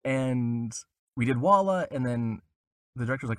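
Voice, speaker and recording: A young man tells a lively story as a podcast guest. His pitch swings widely as he puts on the voices of the people he quotes. The sound is dry and close, with no room around it. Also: moderate pace, clean tone, no room sound. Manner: animated, acts out quoted voices with big pitch jumps. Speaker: voice actor guest. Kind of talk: casual storytelling interview.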